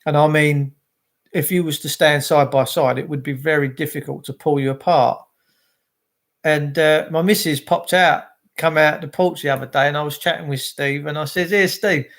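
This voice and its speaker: Man, livestream host, animated and ranting, a touch high-pitched. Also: moderate pace. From England. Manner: animated, greets viewers by name, ranting. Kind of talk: casual livestream chat.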